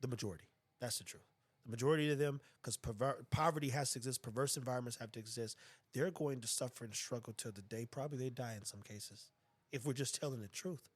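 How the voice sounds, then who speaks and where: A male podcast host tells stories in a blunt, profane, casual chat. His medium-pitched voice moves quickly with a breathy edge, and there is no room sound.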